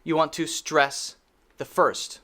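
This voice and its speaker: A man teaching an English pronunciation video lesson, patient, repeating words slowly for drilling and checking in with a frequent "okay?". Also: on the high side, level tone, sharp tone.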